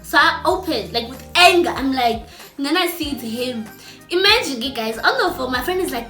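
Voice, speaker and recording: A young woman telling a story to her viewers in a chatty, animated way. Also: high-pitched, moderate pace. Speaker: vlogger. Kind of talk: casual storytime. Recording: echoey room with faint music.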